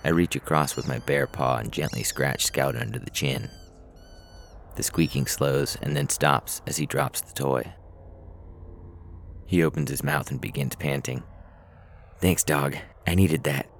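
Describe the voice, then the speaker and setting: A man narrating a science-fiction story in a measured, dry storytelling manner. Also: very deep voice, creaky, slight background noise.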